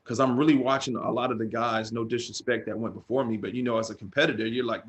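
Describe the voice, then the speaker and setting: A man's voice: medium pitch, steady tone, fast talker, few pauses. Middle-aged man telling stories casually. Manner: loose storytelling, peppered with "man" and "bro". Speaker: guest, former pro football player. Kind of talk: casual podcast interview.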